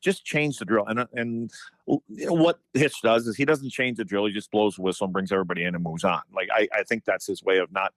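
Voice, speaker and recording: A man in his fifties, a former hockey player, telling animated stories on a podcast with lots of restarts. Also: lowish voice, fast talker, no echo. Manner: animated anecdotes, frequent restarts and profanity in quotes. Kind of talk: casual storytelling chat.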